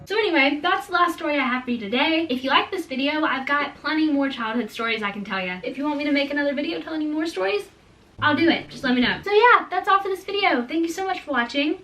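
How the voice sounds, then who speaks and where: Young woman telling stories on her vlog, lively and self-mocking, kinda high voice, mic a little far off. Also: fast, soft background music. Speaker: storytime vlogger. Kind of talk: casual storytelling.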